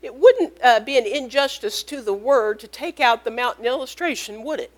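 Woman preacher, high voice, punchy and repetitive, lots of amens. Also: animated, moderate pace. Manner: emphatic, repeats key phrases, calls out amen. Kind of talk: sermon.

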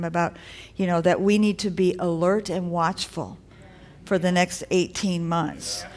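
A woman preaching a sermon to a congregation in a church, in a conversational, encouraging way that builds to rising exhortations. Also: mid-range voice.

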